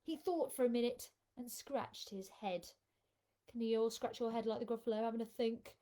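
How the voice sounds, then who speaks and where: With a mid-range voice at normal speed, a woman performs a live storytime for children, reading a picture book expressively and coaxing them to participate.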